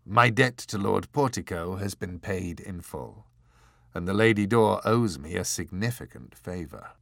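A man's voice: deep voice, animated, a little slow, creaky, fairly bright tone, dry recording, exaggerated voice. A man voicing a suave, unsympathetic man in an audiobook, speaking in a cool, dry, matter-of-fact way. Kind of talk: audiobook character voice.

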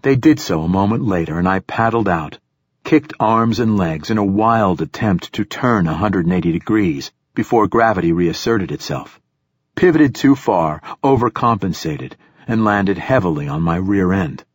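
A man narrating a first-person science-fiction audiobook in a measured, steady storytelling manner. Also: low-pitched, breathy edge, no echo, studio quality.

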